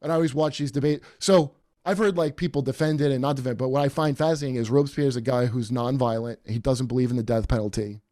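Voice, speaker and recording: A man hosting a podcast in casual chat, rambling and animated with many fillers and restarts. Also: mid-range voice, quick pace, hardly any pauses, no room sound, clean studio sound. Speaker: podcast host.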